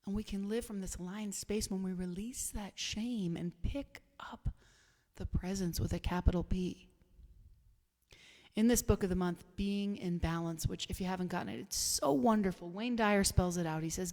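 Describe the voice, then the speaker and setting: A woman's voice: mid-range voice, darkish tone, long reverb tail. A woman preaching an emphatic, uplifting spiritual sermon who now and then breaks into song. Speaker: spiritual minister.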